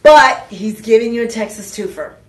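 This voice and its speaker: A woman hosting a live home shopping show, pitching jewelry in a chatty, exuberant way with playful asides. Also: expressive, moderate pace. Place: TV shopping studio. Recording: roomy studio sound, mic at a distance.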